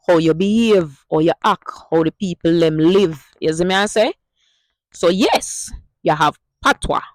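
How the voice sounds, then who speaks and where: A woman's voice: lowish voice, no echo, poor audio. A woman from Jamaica with a Jamaican accent, explaining things to her viewers in a casual vlog, emphatic and affectionate, often asking them questions. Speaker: vlogger teaching Jamaican patois.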